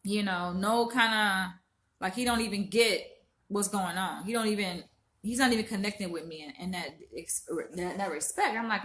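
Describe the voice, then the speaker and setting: A woman's voice: mid-range voice, normal speed, a bit bright, a little hiss or hum. Upset woman venting to camera. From Florida. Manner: emotional, profane, talks straight to viewers as "y'all". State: upset, holding back tears. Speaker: vlogger.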